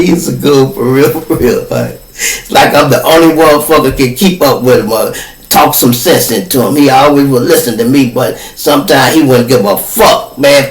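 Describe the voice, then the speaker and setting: A man with a Chicago accent, hosting a podcast and telling a story in a loose, profane, animated way, acting out the people in it. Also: mid-range voice, normal speed. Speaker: podcast host. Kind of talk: casual storytelling. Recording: roomy, distant from the mic.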